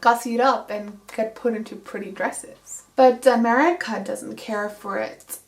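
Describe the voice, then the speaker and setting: A woman's voice: on the high side, echoey room. Sarcastic young-sounding woman recapping a book. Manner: sarcastic, casual, lots of 'like'. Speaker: book reviewer.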